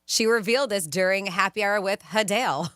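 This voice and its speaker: A woman's voice: mid-range voice, fairly quick, fairly bright tone, no echo, studio quality. A woman co-hosting a radio show, chatting casually and reading out celebrity news with a laugh.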